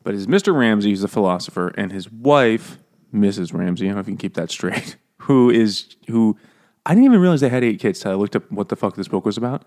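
Low-voiced man rambling about a book. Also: animated, fast, darkish tone. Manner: rambling, profane, laughing. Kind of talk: casual book discussion.

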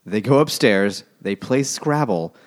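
A man co-hosting a book podcast, chiming in with deadpan one-liners and retelling scenes casually. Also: fairly low pitch, unhurried. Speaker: podcast co-host. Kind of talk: casual comedic book chat.

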